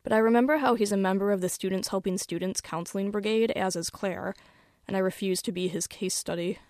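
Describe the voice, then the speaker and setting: A woman author reading her own first-person story aloud in a wry, measured storytelling manner. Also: mid-range voice, darkish tone, dry recording, studio quality.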